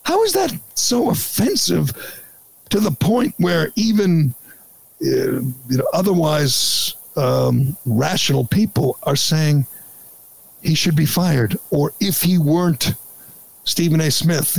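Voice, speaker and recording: A man's voice: a little high, expressive, takes it slowly, vocal fry, slightly rough, no room sound, poor audio. A man hosting a podcast, giving sarcastic, incredulous opinion commentary in a ranting manner. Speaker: podcast host.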